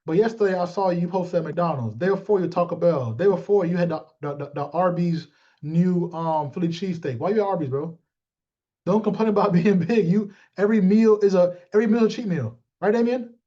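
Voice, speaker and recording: A man with a high voice coaches his sales team in a loose motivational talk. He is blunt and jokey, calls out listeners by name and plays out quick back-and-forths. The recording sounds dull and lo-fi. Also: warm tone.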